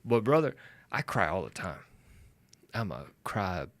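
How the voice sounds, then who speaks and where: A man's voice: low-pitched, big pitch swings, a little slow, a bit bright, dry recording. A man hosting a podcast, talking in a casual, candid and self-deprecating way. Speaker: podcast host. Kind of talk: casual conversation. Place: studio.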